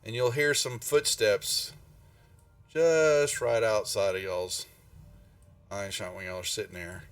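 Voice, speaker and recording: A man's voice: lowish voice, fairly even intonation, fairly bright tone, no room sound. A man running a tabletop game, rambling as he searches his notes. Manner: slow, rambling, searching aloud through notes. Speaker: game master. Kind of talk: narrating a tabletop game on a live stream. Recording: distant mic, faint music behind.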